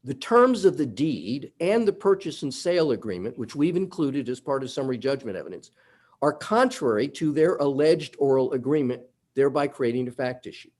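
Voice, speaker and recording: A man's voice: mid-range voice, expressive, fairly quick, a little mellow. A man arguing a summary judgment motion before a judge in a courtroom, methodical and emphatic as he walks through legal points. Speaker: attorney.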